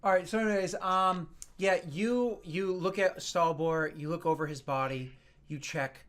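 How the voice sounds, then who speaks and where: A man's voice: high voice, measured pace, a bit bright. A man narrating as game master in a tabletop game, in a casual, filler-heavy way.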